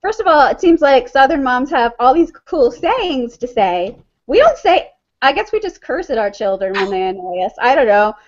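A high, lively woman from Maryland chatting casually with friends and laughing easily. The sound is dull and lo-fi. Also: moderate pace, slight background noise. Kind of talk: casual chat.

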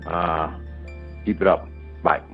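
A man calling in to a podcast, telling a ghost story in a rambling, halting way with many restarts and fillers. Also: low voice, little pitch movement, creaky, narrow, tinny audio, soft background music. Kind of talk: casual phone-in storytelling.

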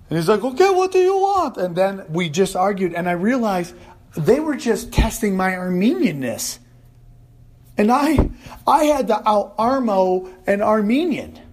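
Man, stand-up comedian, fairly high voice, animated, casual swearing. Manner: animated, swears casually, acts out shouting bits. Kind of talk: stand-up monologue.

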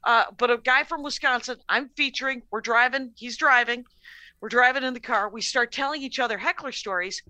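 A middle-aged woman comedian telling a story in a casual podcast chat, animated, laughing often and swearing freely. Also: on the high side, brisk, no room sound. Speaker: comedian guest.

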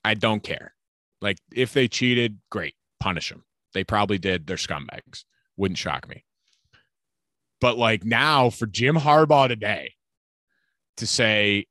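A man's voice: medium pitch, lively intonation, unhurried, sharp tone, dry recording, studio quality. A man co-hosting a podcast, ranting hotly and cursing, mocking others in quoted voices. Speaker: podcast co-host. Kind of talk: ranting casual chat.

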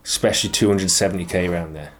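A man's voice: low voice, fast, slight background noise. A man with a Manx accent, chatting as a guest on a call, telling stories animatedly and swearing a lot. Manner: animated storytelling with lots of swearing. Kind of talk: casual chat.

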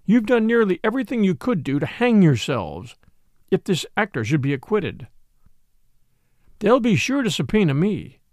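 Quiet, calm little priest detective in a radio-style story, read by a man. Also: high-pitched, moderate pace, no echo, studio quality. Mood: calm, grave. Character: little mild-mannered male priest detective.

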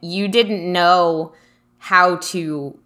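Bright-voiced woman, lower pitch. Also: extremely slow. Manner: storytelling, animated when quoting. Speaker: podcast co-host. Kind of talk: casual chat.

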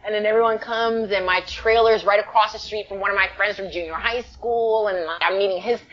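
A woman from the Bronx, an actress telling a story in a casual interview, emotional and animated, full of "like" fillers. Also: medium pitch, brisk. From the Bronx, New York. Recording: dull lo-fi sound.

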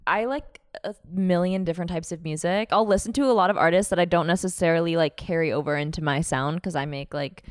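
A young woman of twenty talks quickly in a lowish voice, sarcastic and blunt about herself. The sound is close and dry, with no room around her, as if on a podcast mic. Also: no echo. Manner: sarcastic, candid, laughs at herself. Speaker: podcast guest, pop singer. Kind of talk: casual podcast chat.

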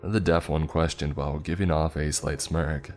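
A man narrating a scripted first-person horror story in a steady, dramatic way. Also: very deep voice, moderate pace, faint music behind.

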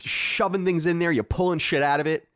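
A man hosting a podcast, chatting casually in an animated, profane, ranting way. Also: on the high side, brisk, dry recording, studio quality. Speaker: podcast host. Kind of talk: casual chat.

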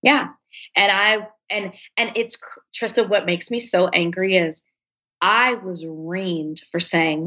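A woman talking as an interview guest, with a bright, forceful voice. She tells her story candidly and with energy, slipping into the voices of people she quotes. The recording sounds a little dull and lo-fi. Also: on the low side, slow pace. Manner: animated, acts out quoted speech. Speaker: podcast guest.

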